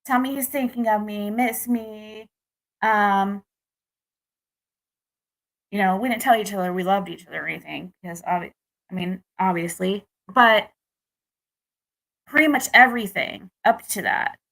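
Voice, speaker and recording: A woman's voice: medium pitch, unhurried, creaky, long pauses, a bit bright. A young adult woman from the United States telling a rambling personal dating story to her viewers, with restarts and frustrated venting. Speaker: vlogger. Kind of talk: casual personal story to camera.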